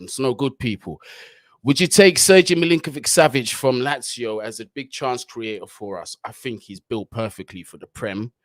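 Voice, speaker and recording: Man, livestream host, casual slangy chat, medium pitch, dry room. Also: a bit bright, no echo. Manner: slangy, chatty, riffs on viewer comments. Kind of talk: casual livestream chat, reading out viewer comments.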